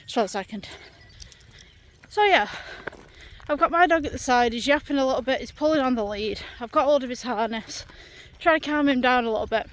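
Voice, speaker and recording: British woman, fairly high voice, chatty and exasperated, outdoors walking, faint outdoor ambience. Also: brisk, slight background noise. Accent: British English. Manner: chatty, exasperated, lots of fillers. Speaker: vlogger. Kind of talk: ranting storytime vlog. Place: outdoors on a countryside path.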